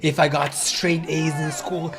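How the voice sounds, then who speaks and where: A video creator giving casual, sarcastic reaction commentary with quick mocking asides. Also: mid-range voice, flat delivery, creaky, background noise.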